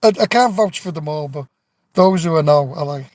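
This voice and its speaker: Man, live-stream host, slightly high voice, rambling and sweary, phone mic outdoors, faint background hiss. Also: lively intonation, a little fast, darkish tone, rough recording. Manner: rambling storyteller, swears freely, many restarts. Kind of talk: casual live-stream chat. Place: outdoors near an old tree.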